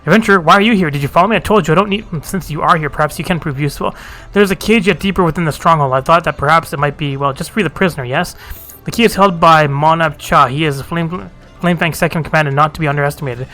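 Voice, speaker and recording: Guy doing a proud revenge-hungry huntress, short commanding lines, bright and a bit high, soft music under it. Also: fast talker. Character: fierce proud female huntress seeking vengeance.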